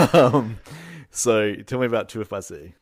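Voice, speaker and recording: A man's voice: lowish voice, dry recording. A man with an Australian accent, co-hosting a podcast in playful casual chat and laughing often. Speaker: podcast co-host.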